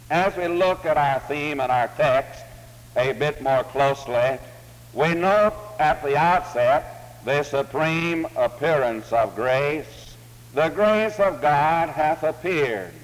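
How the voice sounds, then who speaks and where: A male preacher delivers a sermon at an unhurried pace, shaping his story with deliberate, measured phrasing. His mid-pitched voice carries a long reverb, as though he is recorded in a church hall.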